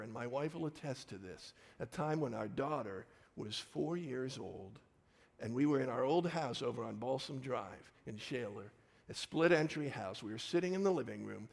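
A man's voice: medium pitch, creaky, a little mellow, big-room sound. A man preaching a sermon as a pastor, telling personal stories in short, punchy phrases.

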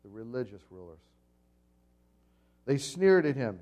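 A man's voice: mid-range voice, animated, moderate pace, darkish tone. Man preaching with dramatic storytelling. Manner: dramatic storytelling with swings in volume; asks the congregation questions. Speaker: pastor. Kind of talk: sermon.

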